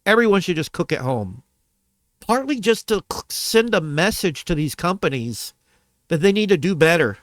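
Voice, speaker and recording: A vlogger rants angrily to his camera about a bad restaurant visit, cursing with heat and repeating himself as he goes. His voice sits high and is very animated, his pace is moderate, and the recording is dry.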